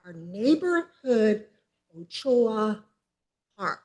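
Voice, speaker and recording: A woman in her seventies speaking at a city council meeting, emphatic and upset, pausing as she tries to hold herself together. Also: medium pitch, big pitch swings, a little mellow. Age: 70s. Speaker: public commenter. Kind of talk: public comment at a council meeting.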